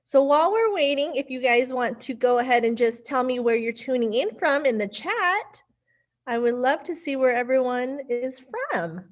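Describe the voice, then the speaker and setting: A woman's voice: high-pitched, expressive, moderate pace. A woman hosting a virtual children's storytime as a librarian, upbeat and sing-song, speaking to little kids and their caregivers over a computer mic.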